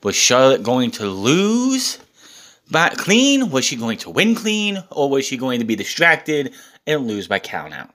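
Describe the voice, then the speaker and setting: A man's voice: medium pitch, wildly swooping pitch, a little slow, a bit bright. A man recapping a wrestling show in a casual, exasperated rant, swearing often.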